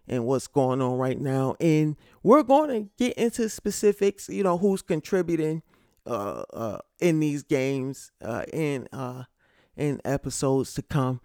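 A man's voice: mid-range voice, moderate pace, dry recording, studio quality. A man from Connecticut hosting a casual solo sports talk show, rambling and stammering as he goes, gloating between laughs. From Connecticut, USA. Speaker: podcast host.

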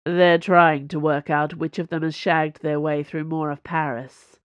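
A woman voicing a dry, reserved male swordsman, talking flat and firm. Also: deep voice, measured pace, clear, resonant tone, no room sound. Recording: dull lo-fi dry recording.

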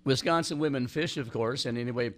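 A man hosting an outdoors radio show, his voice a bit hoarse. He talks in a jokey, rambling way, often restarting sentences. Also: medium pitch, brisk. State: hoarse from cheering. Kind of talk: casual radio chat.

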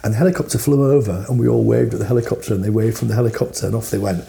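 A man's voice: on the low side, rapid-fire, vocal fry, warm tone. A man with a Yorkshire accent in casual, sweary banter, playfully mock-aggressive and storytelling. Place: outdoors by a harbour.

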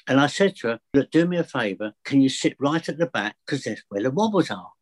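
A man's voice: medium pitch, sing-song, fairly quick. A man, a fear of flying coach, telling chatty anecdotes in an interview and acting out both sides of the dialogue. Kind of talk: casual storytelling interview.

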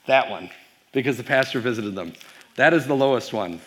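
A man's voice: mid-range voice, very animated, moderate pace. A man, a pastor, giving a casual keynote talk to a youth audience, telling stories with fillers and quizzing the crowd.

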